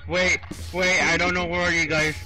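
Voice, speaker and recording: A man's voice: on the high side, flat delivery, moderate pace, rough recording. A male player in casual multiplayer voice chat, talking in laid-back slang. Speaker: game player.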